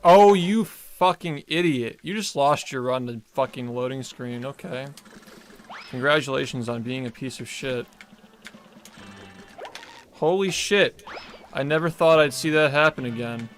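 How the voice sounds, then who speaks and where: A young man streaming a speedrun, ranting angrily at himself with heavy swearing and sudden shouts. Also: mid-range voice. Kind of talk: angry self-deprecating gaming rant.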